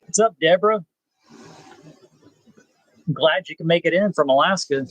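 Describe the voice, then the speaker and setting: A man, hosting a rambling live chat with viewers, pausing often with "uh". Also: on the high side, fairly bright tone, no echo, dull audio. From South Texas. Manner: laid-back, rambling, frequent "uh" pauses. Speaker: channel host.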